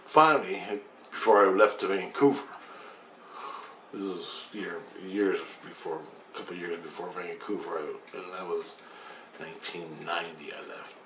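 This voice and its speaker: A man's voice: sits low, moderate pace. Intense, swearing middle-aged man in echoey room. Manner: profane, intense, meandering. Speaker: vlogger telling his own experience. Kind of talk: rambling personal storytelling. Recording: echoey room with faint background noise.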